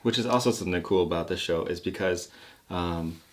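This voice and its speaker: Male guest, lowish voice, relaxed storyteller who laughs easily. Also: a little fast. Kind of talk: casual chat about a TV show.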